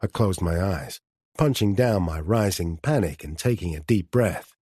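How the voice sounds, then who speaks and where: Male audiobook narrator, very deep voice, husky, dry close recording. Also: expressive, normal speed, darkish tone, no echo. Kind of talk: first-person audiobook narration.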